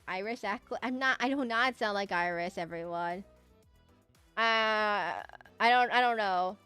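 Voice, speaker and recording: A woman's voice: mid-range voice, measured pace, sharp tone, smooth, soft background music. A woman VTuber streamer chatting casually with her viewers, rambling and repeating herself. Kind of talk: casual live-stream chat.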